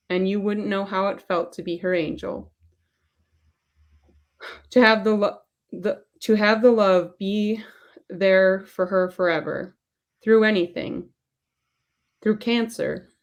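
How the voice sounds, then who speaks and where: A woman's voice: mid-range voice, fairly even intonation, slow pace, pauses often. A woman voicing a middle-aged male therapist, reading a long monologue off her phone and stumbling on a few words. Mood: earnest.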